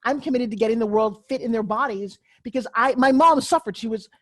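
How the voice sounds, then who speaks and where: A middle-aged woman, a guest on a podcast interview, speaking as an emphatic, energetic motivational speaker. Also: on the high side, fairly quick.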